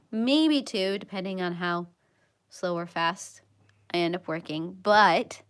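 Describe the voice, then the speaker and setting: A woman hosting a coloring livestream, chatting casually and softly, sometimes dropping to a whisper, her voice a little worn as she is losing it. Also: mid-range voice, clean tone. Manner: soft-spoken, drifting into whispers. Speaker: livestream host. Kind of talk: casual chat while coloring.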